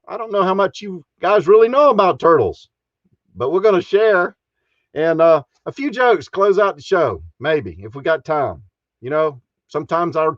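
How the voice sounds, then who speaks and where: Man, folksy stream host, high lively voice, dry dull sound. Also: dry recording. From Texas. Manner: folksy, chuckles often. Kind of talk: casual live stream chat.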